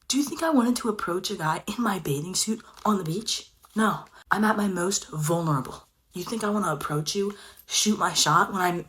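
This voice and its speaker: Young woman, mid pitch, animated storytime delivery, lots of filler. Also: a little fast, slight background noise. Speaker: social media creator. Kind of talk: storytime to camera.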